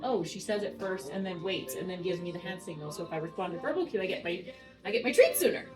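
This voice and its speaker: A woman's voice: on the low side, lively intonation, fast, over music, close to an everyday voice, low-quality recording. A woman voicing the eager thoughts of a young male dog during a lesson.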